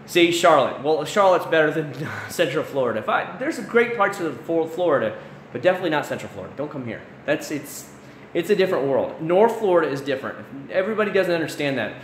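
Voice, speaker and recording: A man's voice: a little high, very animated, fast talker. A man hosting a casual livestream, ranting animatedly and swearing freely as he answers the chat. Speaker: livestream host. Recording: roomy echo, faint background noise.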